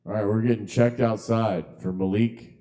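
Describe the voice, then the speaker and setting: A man's voice: lowish voice, fairly even intonation, moderate pace, dark tone. Guy hosting an open mic at a kava bar, casual, calls out names, lots of ums. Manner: loose, chatty, lots of ums and calling out names.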